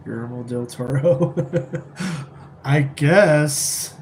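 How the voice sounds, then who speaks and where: A man's voice: medium pitch, very slow, darkish tone, a little hiss or hum, rough recording. A man casually chatting on a live stream, rambling and laid-back while answering viewers from a rented apartment, keeping his voice down.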